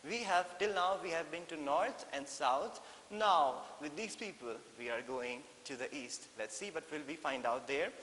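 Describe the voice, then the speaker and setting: A man's voice: on the high side, animated, fairly bright tone. Indian man teaching in an echoey classroom. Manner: explains slowly, repeating phrases with "okay?" checks. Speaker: English teacher. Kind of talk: textbook lesson explanation. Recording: echoey hall with faint hiss.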